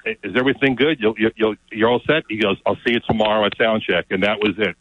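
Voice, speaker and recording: A man telling an excited story as a guest, often repeating his words. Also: on the low side, fast, breathy edge, dry recording. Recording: dull, lo-fi sound.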